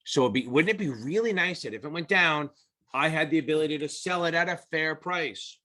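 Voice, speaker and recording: A man's voice: fairly high pitch, animated, fairly quick, sharp tone. A middle-aged man teaching exam prep in a casual, blunt and profane way, rambling through his explanations. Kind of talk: casual whiteboard lesson.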